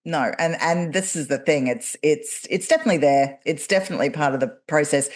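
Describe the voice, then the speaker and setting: A woman from Australia with a low voice hosts a conversational podcast. She speaks emphatically, laughs easily and hands out direct, no-nonsense advice. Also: a little mellow. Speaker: podcast host.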